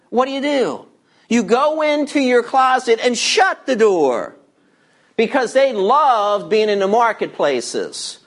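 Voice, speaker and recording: A man preaching a verse-by-verse sermon, emphatic and teacherly, asking questions and answering them himself. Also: very high voice. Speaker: pastor.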